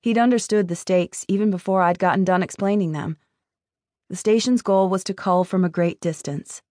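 A woman giving steady first-person narration of a novel, recorded close. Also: medium pitch, normal speed, no echo. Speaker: audiobook narrator.

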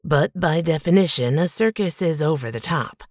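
A woman's voice: sits low, expressive, moderate pace, darkish tone, no room sound, clean studio sound. A woman reading an audiobook, voicing a tiny male circus showman with playful, grandiose patter. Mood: showy. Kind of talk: audiobook character voice.

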